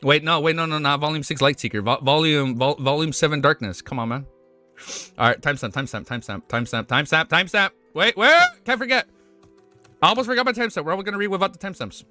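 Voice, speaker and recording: A young man streaming live, chatting casually with his audience, excitable and swearing often, tripping over his words and laughing. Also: a little high, quick pace, faint music behind. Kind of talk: casual livestream chat.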